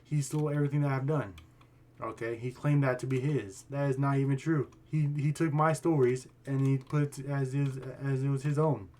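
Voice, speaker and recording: A man's voice: medium pitch, fairly even intonation, moderate pace, dark tone. A man hosting a casual storytime commentary video, rambling and heated, often restarting his sentences. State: voice getting worn out. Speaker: YouTube commentary host.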